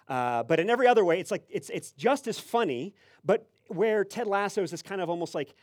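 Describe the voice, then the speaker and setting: A man's voice: a little high, no echo, studio quality. A male pastor preaching a conversational sermon, telling a story with lots of fillers and restarts. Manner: animated storytelling with many fillers.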